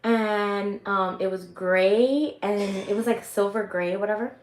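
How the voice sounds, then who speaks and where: Lady in her 40s telling old stories on a livestream, lively and cussing, kinda echoey room. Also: medium pitch, a little slow, a little hiss or hum. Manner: animated, profane, laughing often. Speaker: livestream host. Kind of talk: casual storytelling chat.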